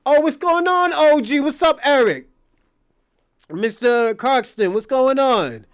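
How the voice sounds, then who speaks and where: A man's voice: extremely high pitch, lively intonation, slow, clear, resonant tone, no echo, clean studio sound. A man hosting a live stream, telling crude stories in casual talk and laughing often.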